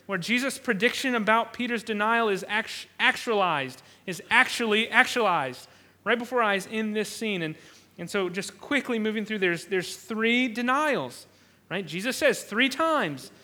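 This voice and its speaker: A man's voice: high voice, lively intonation, moderate pace, sharp tone. A man preaching an expository sermon who often repeats words while he thinks and acts out the quoted lines. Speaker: pastor.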